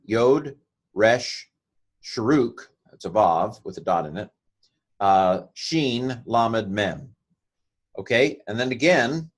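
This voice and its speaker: A man teaching a casual Hebrew lesson, talking haltingly with many fillers and restarts. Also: fairly low pitch.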